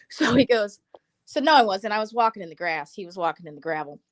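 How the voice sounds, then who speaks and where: A young woman co-hosting a live stream, telling blunt, animated stories in casual chat and acting out the people she quotes. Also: medium pitch, fairly quick, no room sound. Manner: blunt, animated storyteller who acts out quotes.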